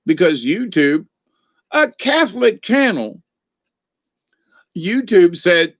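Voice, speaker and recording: A man's voice: a little high, expressive, slow pace, no echo. A middle-aged man hosting a Catholic channel in a rambling, jokey livestream chat, cackling with laughter often.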